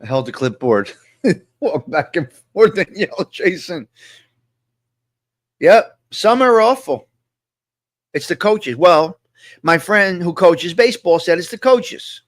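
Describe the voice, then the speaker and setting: A man's voice: high-pitched, big pitch swings, slow pace, long pauses, no echo, clean studio sound. A man hosting a casual live-stream chat, talking to viewers and repeating his points with emphasis. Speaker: host.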